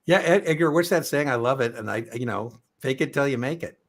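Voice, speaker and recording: A man's voice: medium pitch, a little fast, slight background noise. A middle-aged man hosting an exam prep live stream, chatting casually and telling rambling, joking stories.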